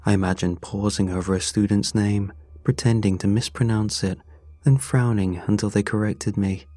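Male horror narrator with a low, deliberate read and a dry, close sound, over faint background music. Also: steady tone, mellow, no room sound. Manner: slow, measured, grim delivery. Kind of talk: scripted horror story narration.

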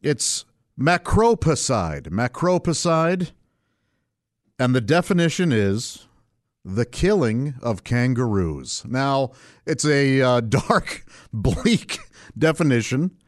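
A man runs his own podcast alone, chatting casually and rambling, often breaking off to restart sentences and chuckling under his breath. He speaks slowly in a mid-range, sing-song voice, recorded in studio quality with no room sound.

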